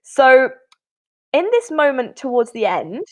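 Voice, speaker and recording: A woman's voice: sits high, sing-song, measured pace. A woman teaching an online English lesson, upbeat and encouraging, praising answers often. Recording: dull lo-fi webinar audio.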